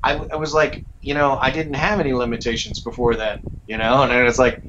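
A male voice actor chats in a loose, rambling way, full of ums and restarts. His pitch sits in an ordinary middle range. The audio is a bit muffled, with faint hiss behind him. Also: a little fast. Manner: relaxed, rambling, with many fillers. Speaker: voice actor guest. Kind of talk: casual interview over a call.

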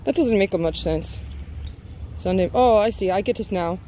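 A woman's voice: medium pitch, moderate pace, dark tone, a little hiss or hum, poor audio. Rambling woman vlogging on a walk. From United States. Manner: rambling, chatty, laughs often, talks to herself. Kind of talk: casual walking vlog. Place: outdoors on a residential street, walking.

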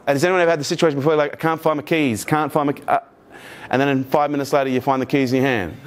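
Profane, energetic motivational speaker man. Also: fairly high pitch, rapid-fire. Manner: energetic, profane, jokey, asks the audience questions. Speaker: keynote speaker. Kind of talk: motivational keynote talk to a live team. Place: event room with live audience.

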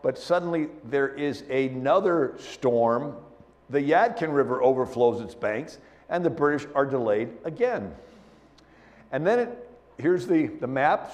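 Slightly high-voiced man telling history stories. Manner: lively storyteller who acts out scenes, with spoken sound effects; frequent "and, uh" fillers. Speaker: guest speaker, historian. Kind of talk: storytelling history talk.

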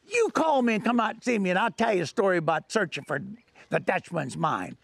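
A man's voice: high-pitched, sing-song, a little fast, creaky, no echo, full character voice. A man voicing a short, hot-tempered older prospector who blusters and threatens. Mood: conceding.

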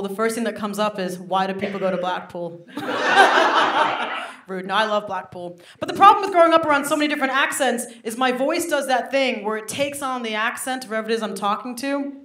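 A woman's voice: a little high, fairly bright tone. A young woman from England, doing a chatty, self-mocking stand-up set and laughing along with the audience. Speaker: stand-up comedian. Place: comedy club stage. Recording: roomy live club recording with audience noise.

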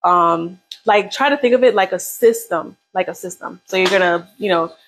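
A woman's voice: fairly low pitch, normal speed, a bit bright, soft background music, poor audio. A woman leading a live beginner workout, coaching casually and encouragingly while counting down reps. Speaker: fitness instructor.

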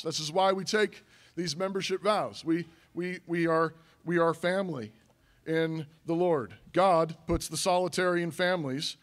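Male pastor, middle-aged, slightly high voice, chatty sermon delivery with lots of repetition. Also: a bit bright. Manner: conversational preaching with frequent restarts and repetition. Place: church sanctuary.

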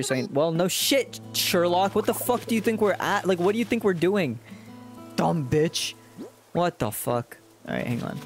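Playful streamer with a lively voice. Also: medium pitch, moderate pace, soft background music. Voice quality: playful, crude joking. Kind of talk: casual gameplay commentary.

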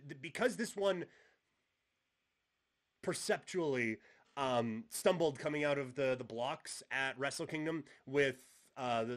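A man hosts a solo podcast and talks through his predictions in a loose, conversational way. He often stops and restarts his sentences, and his pitch sits in an ordinary middle range for a man. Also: fairly bright tone. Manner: casual, musing, frequent restarts and fillers. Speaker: podcast host. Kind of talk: solo wrestling preview podcast.

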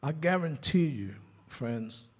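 Husky New pastor preaching. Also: male voice, on the high side, lively intonation, slow. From New York. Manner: repetitive rhetorical questions, conversational preaching. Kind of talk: sermon.

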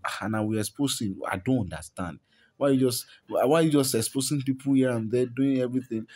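A man's voice: medium pitch, lively intonation, brisk, darkish tone, breathy edge. A man with a Nigerian accent hosting a celebrity gossip vlog, talking casually, repeating and stumbling over words and chuckling often. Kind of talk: chatty celebrity gossip commentary.

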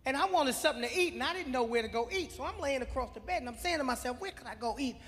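High voiced guy telling his side deadpan on stage, hall reverb. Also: very fast, a little hiss or hum. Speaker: comedian's friend, guest. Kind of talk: stand-up storytelling. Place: large live comedy venue. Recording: live venue with long reverb.

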